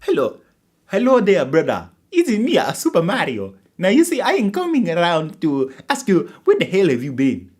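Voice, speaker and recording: A man voicing Super Mario as a loud, rambling plumber who scolds turtles with stumbling threats. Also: high-pitched, huge pitch swings, moderate pace, husky, voice pushed up, full character voice. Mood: blustering. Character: blustering male plumber hero scolding turtles.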